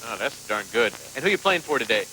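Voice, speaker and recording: A man's voice: medium pitch, big pitch swings, fast talker, background noise. A man hosting a TV game show, joking and teasing the contestants. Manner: jokey, teasing banter with contestants. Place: TV studio.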